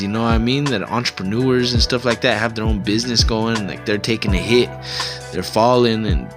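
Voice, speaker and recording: A man's voice: fairly low pitch, fairly quick. Swearing, incredulous man over music. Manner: incredulous, emphatic, heavy swearing. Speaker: reaction video host. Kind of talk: profane reaction commentary. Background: background music.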